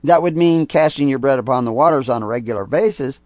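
A man's voice: medium pitch, quick pace, darkish tone, no echo. Older man preaching, close dry sound. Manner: rambling, emphatic on key words. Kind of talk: sermon-style teaching talk.

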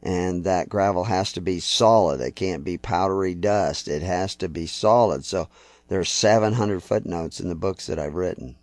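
Low-voiced older man telling stories. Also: normal speed, darkish tone, no echo. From Texas, United States. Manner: rambling, many uh fillers, folksy. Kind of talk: relaxed storytelling talk.

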